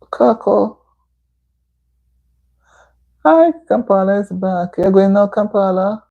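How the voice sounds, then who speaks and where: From an indoor room at home, a Jamaican woman answers livestream comments with motherly advice in a casual chat. Her mid-range voice is animated and mellow at a normal pace, though the recording sounds muffled.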